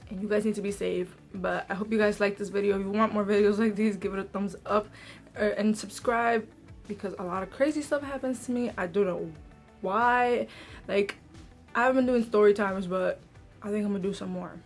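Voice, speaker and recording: A woman's voice: mid-range voice, steady tone, brisk, soft background music. Chatty young woman telling a story. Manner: chatty, many "like" fillers. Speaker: vlogger. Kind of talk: casual story time.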